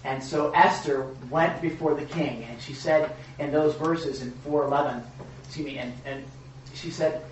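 A pastor preaches conversationally, looping back, restarting, tossing asides and a rhetorical "right?" to listeners. His fairly high voice is fairly even in intonation and moderately paced. The dull audio has slight noise and heavy echo, picked up by a mic far off, as if at the back of a large hall.

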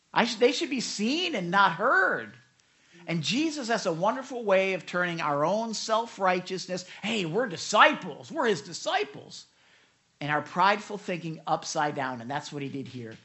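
A man preaching a sermon, telling a story and acting out quoted lines with a conversational, animated delivery and frequent asides to his listeners. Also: normal speed. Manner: animated storytelling, acts out quotes with raised pitch. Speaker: pastor.

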